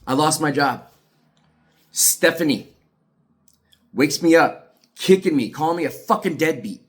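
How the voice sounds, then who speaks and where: A man's voice: on the high side, lively intonation, a little slow. Angry man ranting with heavy swearing. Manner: profane, agitated, emphatic. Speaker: aggrieved father telling his story. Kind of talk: angry monologue to camera.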